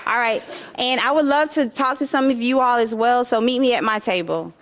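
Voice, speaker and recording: Woman, publisher, thank-you speech, slightly high pitch, tearful, effusive, live event. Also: a little fast, a little hiss or hum. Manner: warm, tearful, effusive gratitude. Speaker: publisher and host. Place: event hall with live audience.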